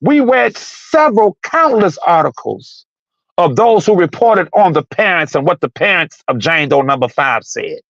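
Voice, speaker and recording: A man's voice: high-pitched, big pitch swings, moderate pace, creaky, a bit bright, dry recording, lo-fi sound. A man calling into a live talk stream, arguing his point with heat, repeating himself and raising his voice. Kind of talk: heated casual debate.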